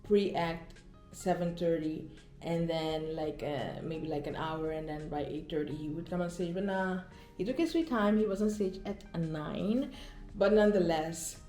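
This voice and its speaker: A woman's voice: lowish voice, moderate pace, mellow, roomy sound, soft background music. A woman vlogger chatting casually outdoors, telling a concert story with many fillers and acted-out quotes, recorded on a phone. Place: outdoors, walking in the Netherlands.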